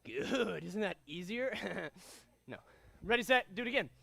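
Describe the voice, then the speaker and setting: High-voiced energetic karate instructor man. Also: a little slow, gravelly. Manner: energetic, commanding, calls out drills and counts. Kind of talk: martial arts class instruction.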